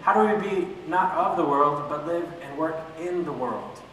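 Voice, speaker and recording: A man's voice: on the high side, expressive, normal speed, a bit bright. A man teaching an adult church class, asking questions and answering them himself, with joking asides. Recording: echoey hall from far off, faint room noise.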